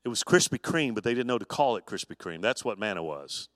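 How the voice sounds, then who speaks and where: A man, a pastor, teaching an evening adult Bible study in a folksy, animated storytelling way with touches of humor. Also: lowish voice, fairly quick, no room sound, clean studio sound, long reverb tail.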